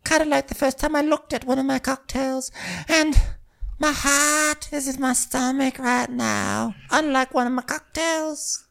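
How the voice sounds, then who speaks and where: This is a fussy young female stewardess with a gushing, singsong delivery, as a woman sends it up. The voice sits very high and sounds thin and changed from her usual tone. It carries a mock-soothing, cooing edge. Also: steady tone, a little slow, vocal fry, fairly bright tone, heavily acted. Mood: mock-earnest.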